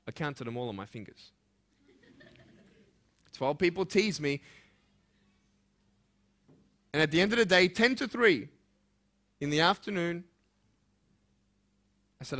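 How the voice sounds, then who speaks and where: A young man delivers a motivational talk to a room of students. His voice is bright and forward. He sounds earnest and emphatic, dropping to a hush and then building to loud, urgent peaks. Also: a little high, animated, a little slow, pauses often. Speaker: motivational speaker.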